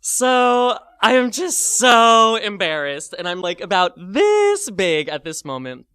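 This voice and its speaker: Man, comic storyteller, animated, lots of fillers, acts out his thoughts, dry close sound. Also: high voice, slow, smooth, no room sound.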